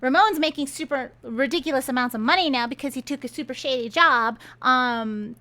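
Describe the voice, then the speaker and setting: A woman's voice: high-pitched, pushed and bright. A woman giving a casual, sarcastic rant of a book review, exasperated and incredulous.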